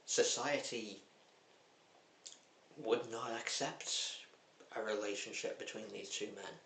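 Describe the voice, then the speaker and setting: A man's voice: on the low side, takes it slowly, fairly bright tone. A man talking casually and bluntly about films he watched, with a cheeky, chatty manner. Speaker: film vlogger. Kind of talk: casual film review chat. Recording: echoey room with faint hum.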